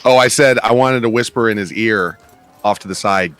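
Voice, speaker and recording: A man's voice: on the low side, normal speed, a bit bright, clean tone. A man playing a tabletop game, casual and a little hesitant while asking questions. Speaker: player.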